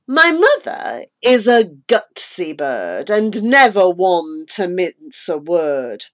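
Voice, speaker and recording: A woman reading a rhyming storybook poem aloud with a playful, expressive delivery. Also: fairly low pitch, slow, hardly any pauses. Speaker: narrator.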